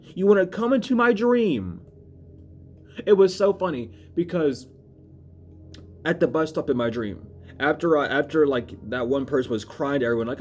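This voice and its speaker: A man giving a casual spiritual reading to camera, rambling and cursing, swinging between loud urging and low asides. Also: lively intonation, moderate pace, faint music behind. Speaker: spiritual reader.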